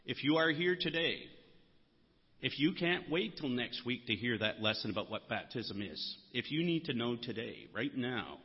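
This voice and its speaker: A man's voice: medium pitch, very animated, normal speed, breathy edge. A man preaching a sermon, earnest, lifting his voice on the key words. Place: church sanctuary. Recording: muffled sound with long hall reverb.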